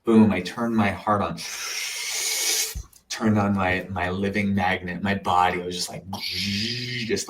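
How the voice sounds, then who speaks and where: A man telling an earnest personal story in a casual way, animated and full of sound-effect words, sometimes dropping to a soft near-whisper. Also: sits low, measured pace, low-quality recording. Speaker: meditation teacher.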